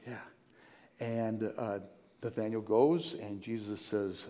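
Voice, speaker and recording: A pastor's mellow, steady voice, on the low side, fills a church sanctuary with long hall reverb. He preaches a conversational sermon, haltingly retelling a story with repeated and restarted words while inviting the congregation to join in.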